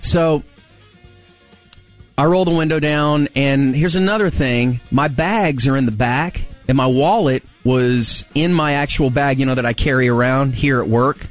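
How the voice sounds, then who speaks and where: Male host in his forties, animated storyteller who acts out the voices. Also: measured pace, faint music behind. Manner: animated, acts out quotes with big pitch jumps. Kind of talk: casual storytelling chat.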